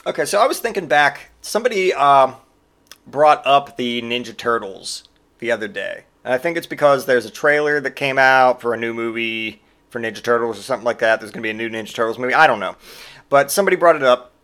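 Forty-something guy ranting solo on his podcast, sarcastic and sweary, mid-pitch voice. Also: fairly quick, a bit bright. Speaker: podcast host. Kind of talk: casual comedic monologue.

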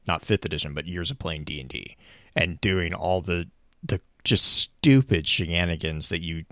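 Deep-voiced man, rambling and enthusiastic. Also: a bit bright, dry recording, clean studio sound. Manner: enthusiastic, rambling with frequent restarts. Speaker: podcast co-host. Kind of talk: casual chat.

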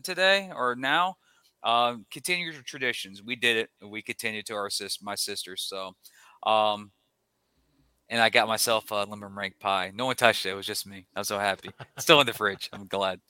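Bright, crisp-voiced man telling family stories. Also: medium pitch, fairly quick, no echo. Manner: animated storyteller, acts out family members' lines. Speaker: podcast co-host. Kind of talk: casual chat.

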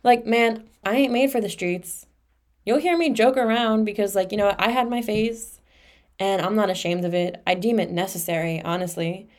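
A woman's voice: medium pitch, normal speed, a little mellow. A young adult woman hosting her own podcast, speaking in a candid, emotional confessional monologue full of "like" and casual swearing. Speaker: podcast host.

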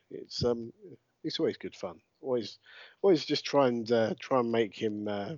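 A man's voice: medium pitch, no room sound, muffled recording. A man hosting a wrestling podcast in a chatty, joking way, with lots of fillers and restarts. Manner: chatty, self-deprecating, many fillers and restarts. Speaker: podcast host. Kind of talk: casual podcast chat.

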